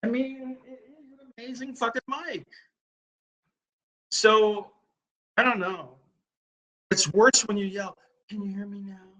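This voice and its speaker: A man's voice: sits high, a bit bright, rough recording. A man hosting a live stream, talking to his viewers through a laptop's built-in mic, blunt and profane, repeating his questions at people in the chat.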